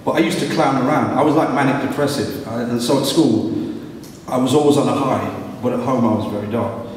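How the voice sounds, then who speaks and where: A man's voice: medium pitch, brisk, slight background noise. A middle-aged man, a guest speaker telling humorous stories to a live audience and acting out voices. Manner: animated, humorous, acts out voices. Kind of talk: storytelling talk to a live audience. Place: large hall at a live event. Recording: echoey hall from far off.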